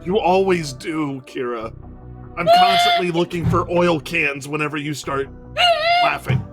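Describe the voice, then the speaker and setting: Wisecracking man with a very lively voice. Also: a little high, measured pace, loud music behind the voice. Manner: dry, wisecracking. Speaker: panelist. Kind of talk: joking livestream banter.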